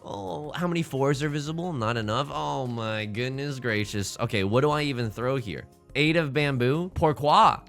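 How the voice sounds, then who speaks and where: A man's voice: mid-range voice, normal speed, hardly any pauses, faint music behind. A man giving casual, self-deprecating commentary while playing a tile game, often restarting his sentences and playing up his despair. He says he is tired from little sleep. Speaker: let's play host.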